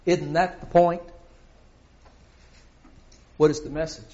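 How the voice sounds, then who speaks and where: High-voiced preacher questioning his flock. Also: slow, muffled recording. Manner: questioning the congregation, animated. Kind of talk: sermon.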